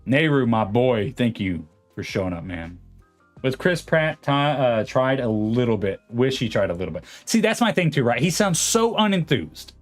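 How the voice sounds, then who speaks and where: A man's voice: mid-range voice, sing-song, normal speed, soft background music. A man in his late twenties chatting casually on a livestream, rambling and reading viewer comments aloud. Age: late 20s. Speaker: streamer host.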